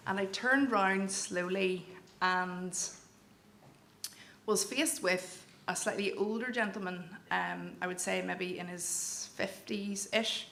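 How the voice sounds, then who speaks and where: A woman's voice: medium pitch, fairly even intonation, takes it slowly, creaky, fairly bright tone. A young woman from County Down with a Northern Irish accent, telling a personal story to a live audience in a candid, wry way. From Northern Ireland, County Down. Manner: candid, self-deprecating, wry. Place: event venue with audience. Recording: echoey hall with faint room noise.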